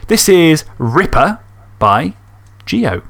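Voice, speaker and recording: A man's voice: a little high, big pitch swings, very slow, creaky. A man hosting a podcast, reading fan stories and chatting enthusiastically, swearing casually. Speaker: podcast host.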